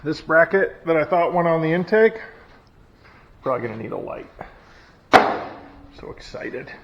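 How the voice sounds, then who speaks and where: Sing-song and fairly quick, with a voice on the high side, a man talks casually as he restores an old truck in his garage, making self-deprecating jokes while working. Logging machinery runs next door, and the dull lo-fi recording carries faint noise.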